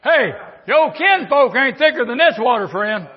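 Older preacher, fervent and high. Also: male voice, big pitch swings, moderate pace, slightly rough, dull audio. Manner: fervent preaching, swings from quiet to shouting. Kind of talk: sermon.

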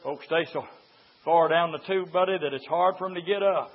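An older man with a drawl preaches in a church, his voice sitting high. He drops to a hush, then climbs into fervent shouting. The recording is dull and lo-fi. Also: brisk. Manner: impassioned, swings from hushed to shouting. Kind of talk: sermon.

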